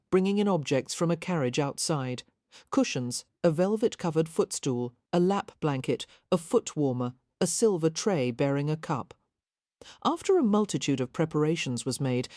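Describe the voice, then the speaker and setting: A woman narrating a historical romance audiobook in a measured, even storytelling manner, close to the mic. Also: sits low, dry recording.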